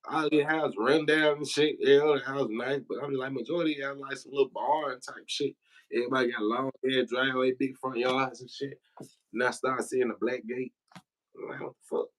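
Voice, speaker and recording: A Memphis, Tennessee man with a mid-range voice and fairly even intonation talks fairly quickly through casual livestream stories, over poor audio. He laughs often, and his telling is profane and slangy.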